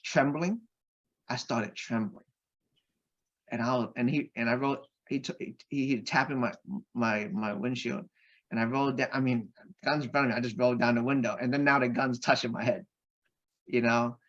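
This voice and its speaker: A man, a podcast guest, telling a personal anecdote in an animated way and acting out the voices of the people in it. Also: mid-range voice, moderate pace, lo-fi sound. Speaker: podcast guest, real estate investor.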